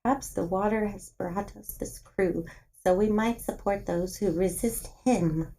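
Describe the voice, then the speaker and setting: Elderly village woman, calm and wise, in a wobbly old voice, done by a woman. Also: medium pitch, measured pace, rough recording. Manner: attempted old lady voice, breaking into laughter.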